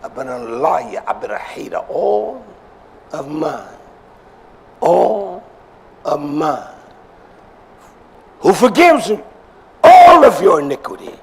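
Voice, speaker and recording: A male preacher delivering an emphatic sermon, swinging between shouts and low murmurs and repeating phrases for emphasis. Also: big pitch swings, takes it slowly, gravelly, pauses often, a little hiss or hum.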